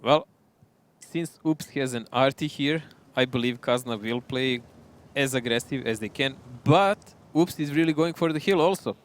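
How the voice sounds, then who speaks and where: A man giving live analysis of an esports match, relaxed and analytical with frequent chuckles. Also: mid-range voice, normal speed.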